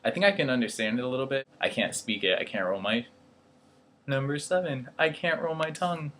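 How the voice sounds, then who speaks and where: A man's voice: mid-range voice, lively intonation, brisk, fairly bright tone, a little hiss or hum. A young man vlogging in casual chat, rambling and poking fun at himself. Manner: rambling, self-deprecating, laughs at himself. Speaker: vlogger, airman.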